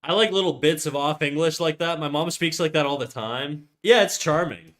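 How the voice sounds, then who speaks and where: Chatting loosely while he draws on stream, this young art streamer from Canada rambles, stays relaxed, and curses without restraint. He speaks at a moderate pace in a voice on the higher side, slightly bright.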